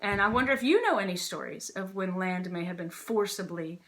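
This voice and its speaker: Bright-voiced woman teaching Sunday school. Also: mid-range voice, lively intonation, a little fast. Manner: chatty and playful, often laughing. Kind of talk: casual children's church lesson.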